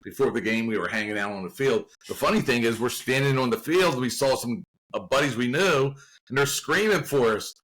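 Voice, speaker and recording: A man with a bright, forward voice spins a casual story at a middle pitch. He talks in an animated way and laughs between lines. He is a guest actor from the Baltimore area. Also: a little fast, low-quality recording. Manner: animated, laughing anecdote telling.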